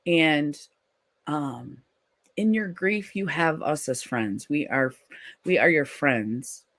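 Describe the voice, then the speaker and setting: Gentle, comforting live-stream host. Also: mid-range voice, slow. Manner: gentle and comforting, with frequent ums and restarts. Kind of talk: casual live-stream chat, reading viewer comments aloud.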